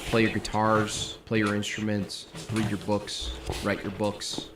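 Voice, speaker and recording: A man joining a livestream as a guest, chatting with offhand, deadpan quips. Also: fairly low pitch, measured pace. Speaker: guest streamer. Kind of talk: casual livestream chat. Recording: noisy remote stream audio.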